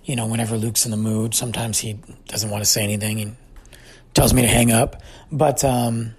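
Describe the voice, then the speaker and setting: A man's voice: lowish voice, little pitch movement, brisk, breathy edge. A man in his forties telling a heartfelt story about his family in a thoughtful personal monologue. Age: 40s.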